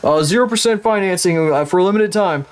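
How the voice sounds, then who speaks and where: A man's voice: a little fast, soft background music, close to an everyday voice. A man mimicking a smarmy car salesman. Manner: oily scripted sales pitch.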